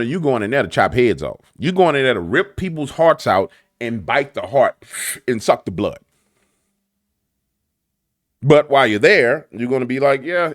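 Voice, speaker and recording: A man's voice: mid-range voice, no room sound, clean studio sound. A man giving a casual spoken monologue. He talks emphatically about politics and acts out bits of dialogue along the way. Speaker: political commentator.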